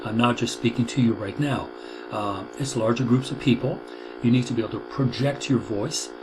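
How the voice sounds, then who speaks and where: A man in his sixties giving a recorded video lecture as a college instructor, in a measured, deliberate way that stresses key words. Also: medium pitch, over music, rough recording. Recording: steady hum under the voice.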